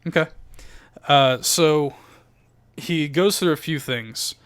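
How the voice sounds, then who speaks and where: A man's voice: on the high side, slow, fairly bright tone, clean tone. A man narrating a tabletop role-playing game as game master, in a loose, chatty way full of fillers.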